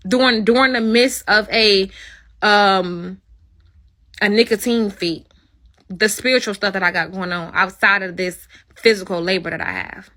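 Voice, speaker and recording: A woman's voice: medium pitch, unhurried, sharp tone. A woman hosting her own livestream and ranting at her viewers, blunt and heavy with swearing. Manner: blunt, profane, confrontational. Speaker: livestream host. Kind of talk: angry livestream rant.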